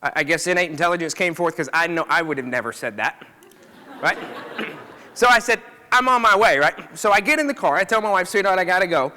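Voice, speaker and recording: A man's voice: a little high, lively intonation, a little fast, pushed and bright. A man, a chiropractor, telling a story to a live audience in a casual, conversational way, often checking in with the listeners. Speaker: chiropractor speaker. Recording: reverberant hall.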